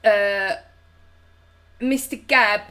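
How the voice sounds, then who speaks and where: A woman's voice: mid-range voice, very slow, bright, forceful tone, clear, resonant tone. Chatty London woman in her thirties. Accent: London English. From South London, England. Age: 30s. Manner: chatty and affectionate, calls viewers babe and darling. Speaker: host. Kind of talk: live-stream chat reading viewer comments.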